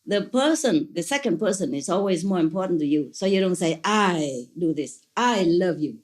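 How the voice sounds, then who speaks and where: A woman's voice: lowish voice, lively intonation, moderate pace, darkish tone. A woman spiritual teacher answering questions at a gathering, playful and gushing, laughing often and speaking imperfect English.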